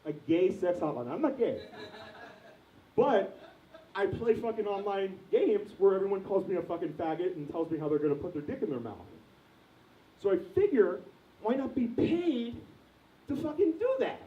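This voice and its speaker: A man's voice: sits high, animated, normal speed, pauses often, dark tone, recorded from a distance. A young man doing a crude, rambling stand-up set, quizzing the audience, recorded from afar in an echoey lo-fi room. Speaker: stand-up comedian.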